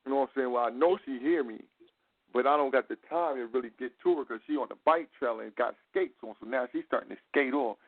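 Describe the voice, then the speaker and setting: A man tells a story for his talk show in loose, profane street slang and keeps it animated throughout. His voice sits at an everyday middle pitch. The sound is narrow and tinny, like a phone line. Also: quick pace. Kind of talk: casual storytelling chat.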